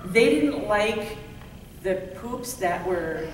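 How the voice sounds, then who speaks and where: A middle-aged woman, a comics artist on a convention panel, telling a story in a lively, giggly way with lots of fillers. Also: medium pitch, slow pace, a little hiss or hum. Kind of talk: casual storytelling. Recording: echoey hall from far off.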